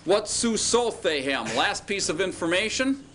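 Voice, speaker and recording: A man's voice: sits high, sing-song, unhurried, a bit bright. Patient male teacher quizzing a class. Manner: patient, asks students questions, stretches out words. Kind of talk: classroom lecture.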